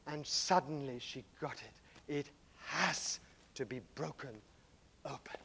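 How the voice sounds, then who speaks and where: A man giving a spiritual talk, telling a story dramatically and swinging between loud passages and hushed ones. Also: fairly high pitch, normal speed, breathy edge. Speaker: speaker.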